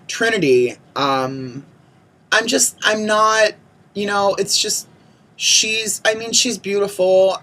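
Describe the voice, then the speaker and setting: A man's voice: a little high, fairly bright tone. A young man talking casually to camera as a vlogger, chatty and opinionated, with lots of "like" and "um". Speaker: vlogger reviewing a TV show.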